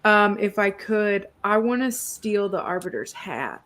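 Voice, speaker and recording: A woman's voice: medium pitch, animated, unhurried, a bit bright. A woman playing a tabletop game, asking hesitant, polite questions about the rules. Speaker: player. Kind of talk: casual tabletop play.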